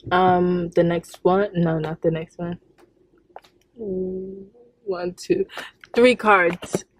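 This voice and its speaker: A woman's voice: fairly low pitch, little pitch movement, drawn-out words, dark tone, husky. A young woman vlogging in casual chat from her parked car. She sounds tired and yawns, and she talks with lots of fillers and frequent laughs. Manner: chatty, laughs often, many fillers. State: tired, yawning. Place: parked car outdoors, hot day.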